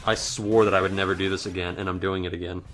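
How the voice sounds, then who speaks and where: A man giving let's play commentary in frantic self-talk, swinging between panic and calming himself down. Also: low-pitched, fast talker. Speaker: let's player. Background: faint game music.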